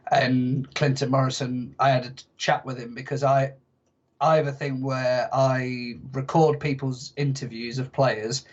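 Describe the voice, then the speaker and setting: A man's voice: mid-range voice, flat delivery, measured pace, muffled recording. A young man telling stories as a podcast guest, chatty and self-mocking. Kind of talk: casual podcast chat.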